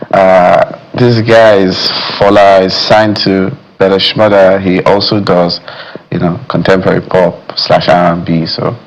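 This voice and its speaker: A man's voice: low voice, rough recording. A man, a music critic guest on a studio morning show, speaking thoughtfully and filling gaps with "you know". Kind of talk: studio discussion. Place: television studio.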